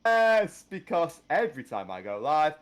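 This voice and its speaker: A man with a Yorkshire accent hosts a casual podcast chat. He talks at a deliberately slowed pace and has a slight lisp on his S sounds. His voice sits at an ordinary middle pitch. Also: animated. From Yorkshire, England. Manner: deliberately slowed, chatty, self-deprecating. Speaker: podcast host and streamer.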